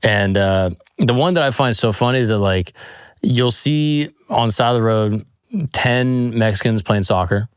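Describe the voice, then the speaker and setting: A man's voice: medium pitch, moderate pace, clean tone, no echo, clean studio sound. An American man hosting a comedy podcast, rambling eagerly through stories and laughing often. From United States. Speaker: podcast host. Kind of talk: casual comedic podcast chat.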